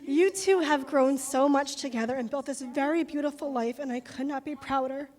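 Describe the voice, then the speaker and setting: A woman's voice: high voice, moderate pace, darkish tone, big-room sound. A woman, the bride's sister, giving a nervous wedding toast, laughing and stumbling over her words at a reception.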